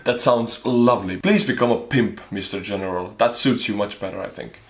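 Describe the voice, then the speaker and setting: A man's voice: lowish voice, animated, fairly quick, hardly any pauses, echoey room, a little hiss or hum. A man with an Estonian accent, a native Estonian speaker, joking his way through a casual reaction commentary as a YouTuber. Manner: playful, jokey, stumbles over names.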